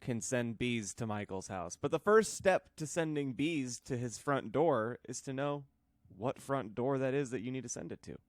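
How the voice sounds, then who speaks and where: Male podcast co-host, expressive lively pitch, relaxed joking delivery, dry close mic. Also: moderate pace, no room sound. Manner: laid-back storytelling, casual swearing. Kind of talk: casual podcast chat.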